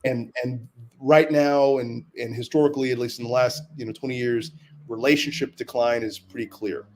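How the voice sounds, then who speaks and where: A man's voice: mid-range voice, steady tone, normal speed, darkish tone. A man in a casual conversation, an education advocate who makes his points thoughtfully and repeats words as he builds them.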